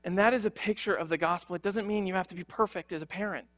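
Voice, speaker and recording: A man's voice: high-pitched, steady tone, fast talker, a bit bright. A young man preaching a sermon as a pastor, earnest and conversational, with frequent fillers and restarts.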